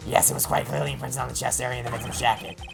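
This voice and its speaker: A man reads a smug, condescending older prosecutor in a patronizing drawl. His voice is gravelly and fry-laden. Faint game music plays under him. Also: medium pitch, level tone. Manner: patronizing, slow chuckle.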